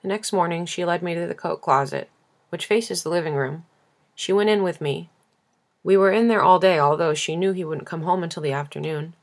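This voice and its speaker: A woman reading a novel aloud as an audiobook, measured and intimate. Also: on the low side. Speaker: audiobook reader.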